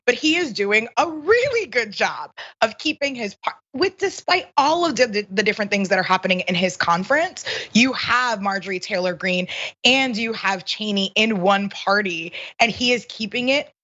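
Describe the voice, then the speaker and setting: A woman guest commentator in a casual political chat, speaking in an animated, emphatic way. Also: mid-range voice, moderate pace, lo-fi sound.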